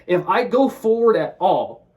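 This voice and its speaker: A man's voice: high-pitched, far from the mic. A man telling a personal story in a casual vlog, swearing freely and acting out his own inner thoughts as he talks. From Washington State, US. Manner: fast, profane, animated retelling with quoted inner thoughts. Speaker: vlogger.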